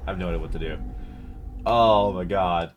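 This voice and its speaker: A man hosting a reaction video, chatting casually and excitably, often breaking into laughter. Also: low-pitched, normal speed.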